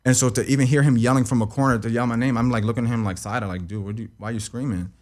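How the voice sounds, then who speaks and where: In an interview, a young guest recounts a painful experience, his medium-pitched voice rapid-fire with fairly even intonation. The emotional story rambles and loops back, laced with swearing and repeated "you know what I mean."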